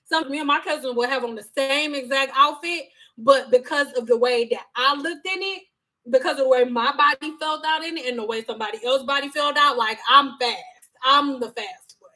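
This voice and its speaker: A woman's voice: high voice, a little fast. A woman in her thirties chatting casually as a vlogger, telling stories in a frank, profane, joking way and acting out the people she quotes. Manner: animated storytelling with acted quotes. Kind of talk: casual chat.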